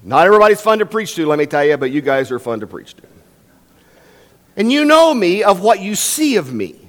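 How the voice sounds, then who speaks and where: A man's voice: sits high, sing-song, fairly quick, fairly bright tone. An older man preaching a sermon as a guest pastor in a church, emphatic and varying his pace for effect. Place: church sanctuary. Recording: long reverb in a church hall.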